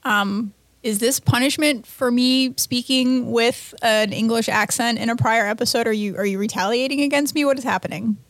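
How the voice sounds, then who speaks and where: Field: podcast. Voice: bright, dry woman co-host. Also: fairly high pitch, no echo. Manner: quick, exasperated banter. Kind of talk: casual podcast chat.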